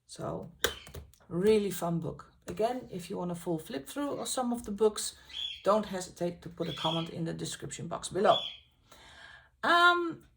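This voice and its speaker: A woman, hosting a colouring channel and paging through her books in a casual, enthusiastic way, pausing often on fillers. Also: medium pitch, expressive, gravelly, fairly bright tone, slight background noise. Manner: enthusiastic, halting with frequent fillers. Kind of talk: casual book flip-through.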